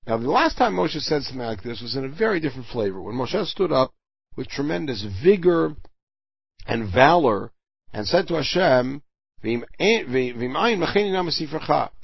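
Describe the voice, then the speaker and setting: A man teaches Torah verse by verse, his voice gravelly and a little husky, with a lively rise and fall. He reads a Hebrew line, then explains it in English, often stopping to hunt for the right word. The recording is dry and somewhat dull. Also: medium pitch, moderate pace, no echo.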